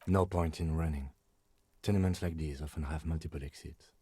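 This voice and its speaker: A man voicing a calm, methodical male police detective in a game, speaking in a level, matter-of-fact way. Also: a bass voice, fairly quick, slightly rough, dry recording. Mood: composed.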